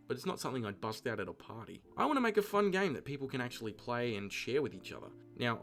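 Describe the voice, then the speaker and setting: A young man talks straight to camera in a comic vlog monologue. His voice sits in an ordinary middle pitch. He keeps it self-mocking and peppered with crude jokes. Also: a bit bright. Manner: self-deprecating, crude jokey asides. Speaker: vlogger.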